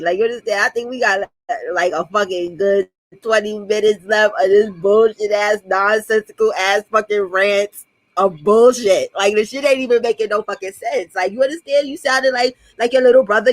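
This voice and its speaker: A woman co-hosting a livestream in casual chat, mocking and exasperated, talking fast and swearing freely. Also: mid-range voice, no echo, rough recording. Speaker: co-host.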